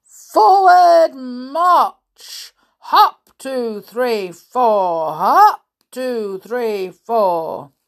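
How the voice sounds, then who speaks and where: A woman voicing a blustering old male elephant colonel who barks loud marching chants. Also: fairly high pitch, lively intonation, extremely slow, pitched above the performer's own voice, heavily acted. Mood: commanding.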